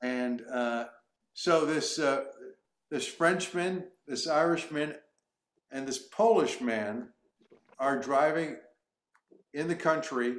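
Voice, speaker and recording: Comedian in an echoey room. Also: male voice, a little high. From United States. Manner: repeats short phrases. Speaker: comedian guest. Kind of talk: casual interview chat.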